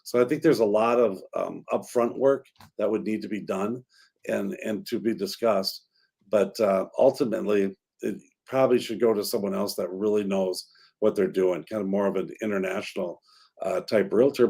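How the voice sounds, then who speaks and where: A man who is a realtor and radio co-host, chatting casually in a studio and working through long, halting explanations. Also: lowish voice, gravelly, dark tone, husky.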